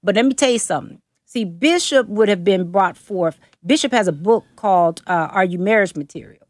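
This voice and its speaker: A woman from Oakland and Berkeley, California, speaks as a prophetess guest in a casual interview, with a Southern Atlanta twang. Her mid-range voice is expressive and brisk, emphatic and preacherly, and she repeats her phrases. The clean studio sound has no room sound.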